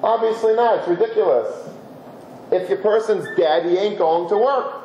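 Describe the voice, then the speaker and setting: Rabbi telling a story in a roomy hall. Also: male voice, high voice, moderate pace. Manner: conversational, animated storytelling with Hebrew terms. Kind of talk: storytelling Torah lesson. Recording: roomy dull lecture recording with faint hiss.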